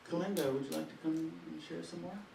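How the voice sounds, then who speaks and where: A man's voice: fairly high pitch, fairly even intonation, fast talker, creaky, noisy background. A man hosting an open mic, introducing performers with loose, offhand patter. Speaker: host. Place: small performance studio. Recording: roomy, distant live mic.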